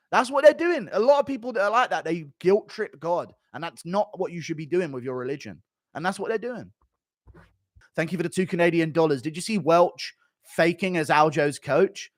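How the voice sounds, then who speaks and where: A man hosting a casual live stream, loud and animated, swearing and laughing at his own jokes. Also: on the high side, moderate pace, dry recording, studio quality. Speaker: streamer host.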